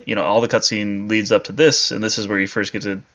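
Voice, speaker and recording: A man's voice: fairly low pitch, steady tone, quick pace, a bit bright. A man co-hosting a casual gaming podcast, talking hesitantly and searching for words. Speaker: podcast co-host. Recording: dull lo-fi sound.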